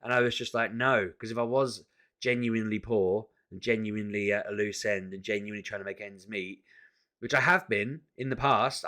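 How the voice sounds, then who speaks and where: Man, casual vlog rant, exasperated, animated, stumbles and restarts, sharp forceful tone. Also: lowish voice. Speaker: vlogger. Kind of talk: casual ranting vlog to camera.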